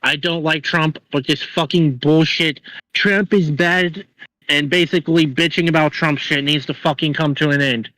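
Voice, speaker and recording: Guy ranting and swearing nonstop on a stream, bright edgy voice, dry close mic. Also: fairly high pitch, steady tone, no echo, poor audio. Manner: angry, profane, rapid ranting. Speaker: co-host. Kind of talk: profane political rant.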